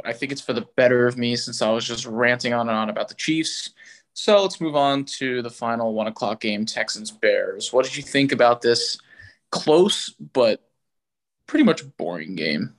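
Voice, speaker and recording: A man's voice: medium pitch, a bit bright, no echo. A man co-hosting a sports podcast, ranting in exasperation about a loss and swearing, out of breath. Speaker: podcast co-host. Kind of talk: casual sports chat.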